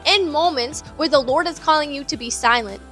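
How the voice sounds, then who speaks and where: A woman's voice: high voice, brisk, a bit bright, faint music behind. A woman giving a casual, earnest devotional Bible teaching in a conversational way, with many filler words. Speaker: devotional speaker.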